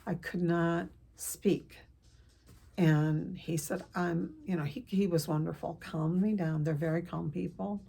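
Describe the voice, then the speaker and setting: An older woman speaks straight to her viewers in a slightly low voice, sharing a painful family story. She is earnest and emotional, rambling a little, pausing and restarting her sentences as she goes. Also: steady tone, gravelly, dark tone. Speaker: counselor vlogger. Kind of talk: personal storytelling to camera.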